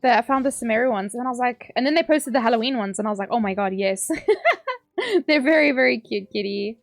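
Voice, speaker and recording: A South African woman streams a game from home, chatting casually and rambling with lots of laughter. Her voice is a little high and creaky, she talks fast and animatedly, and there's no echo.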